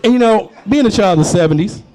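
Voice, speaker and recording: Over music, a high-voiced man in his forties talks quickly while emceeing a live comedy night in a bar. He's lively and conversational, telling stand-up stories, joking, and chatting up the audience.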